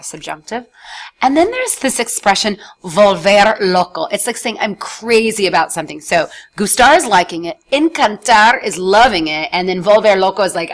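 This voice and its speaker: A woman's voice: medium pitch, a bit bright. A woman teaching Spanish vocabulary and grammar in a recorded slide lesson, explaining step by step and checking in with "all right" and "okay".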